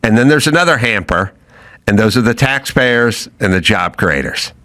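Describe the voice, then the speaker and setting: A man's voice: fairly low pitch, lively intonation, normal speed, pushed and bright. A male podcast host in casual chat, ranting sardonically and mocking what people say. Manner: sardonic ranting, mock quotes.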